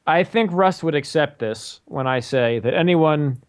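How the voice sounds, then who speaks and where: A man's voice: fairly high pitch, expressive, a little slow. A young man co-hosting a casual podcast who makes dry, sarcastic wisecracks. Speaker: podcast co-host. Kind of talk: casual chat.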